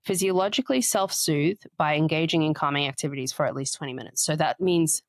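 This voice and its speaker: A woman with a low-pitched voice co-hosts a casual podcast chat. She explains ideas at length in a chatty, explanatory way. Her voice sounds dry and close, with no room echo. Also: fast. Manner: explanatory, chatty, often reads out quotes. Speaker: podcast co-host.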